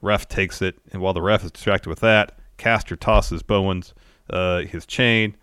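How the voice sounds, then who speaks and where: Deep-ish guy recapping a show step by step, casual, dry close mic. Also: normal speed, clear, resonant tone, no echo. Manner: steady play-by-play recapping. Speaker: wrestling podcast co-host. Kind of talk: casual chat.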